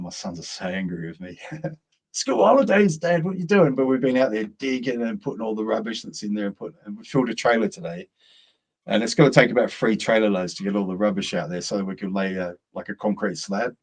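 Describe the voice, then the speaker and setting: Middle aged guy rambling through a story, lowish voice, chatty. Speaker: co-host. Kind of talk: casual chat.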